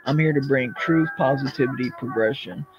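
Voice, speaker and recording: Man, angry livestream rant, cursing at his chat, dull lo-fi sound, loud music underneath. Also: medium pitch, brisk. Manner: profane, confrontational, addresses the audience directly.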